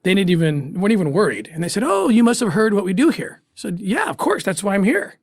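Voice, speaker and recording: An earnest middle-aged man recounts a story as an interview guest, his voice pitched a little high. He halts now and then as emotion catches him, and the sound is close and dry. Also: sing-song, quick pace, creaky, dry recording. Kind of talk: emotional first-person storytelling.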